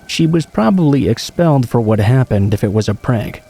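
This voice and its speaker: A man calmly reading true horror stories aloud as a narrator, in an even storytelling manner. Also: mid-range voice, normal speed, vocal fry, husky. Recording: rain sounds behind the voice. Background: steady rain.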